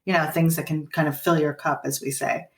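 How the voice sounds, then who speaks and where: In this podcast conversation, a woman guides parents with earnest explanations, playing out possible parent-child dialogue. Her deep voice holds a level tone and moves a little fast. The sound is roomy and distant from the microphone.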